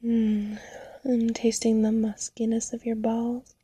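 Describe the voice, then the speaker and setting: A woman murmurs through a slow, intimate whispered role-play, her voice airy and soft on the breath. Her tone sits a little high, and the close, dry sound has no room around it. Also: completely flat delivery, breathy edge, dry recording.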